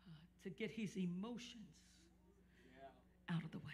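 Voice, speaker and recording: Before a live congregation, a male pastor with a high voice preaches at a moderate pace, rising into shouts and coaxing the crowd to respond. The recording is very noisy.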